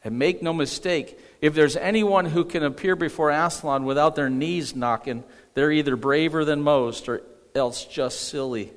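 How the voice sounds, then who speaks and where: A man's voice: fairly high pitch, normal speed, close to an everyday voice. A man voicing a motherly, plain-spoken female beaver while reading a storybook in a sermon. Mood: knowing. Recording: echoey hall.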